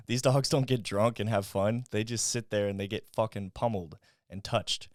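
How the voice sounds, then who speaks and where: A young man with a lowish voice chats casually as a podcast co-host and swears freely as he tells a story. The sound is dry and close. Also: fairly even intonation, moderate pace, dry recording. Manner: swearing, storytelling, laughs often. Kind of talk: casual chat.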